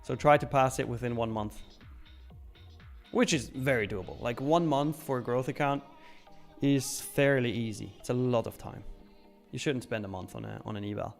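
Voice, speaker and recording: A man's voice: mid-range voice, normal speed, gravelly, soft background music. Chatty man hosting a live trading stream. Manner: chatty, reads viewer questions aloud and answers. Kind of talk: casual live market commentary.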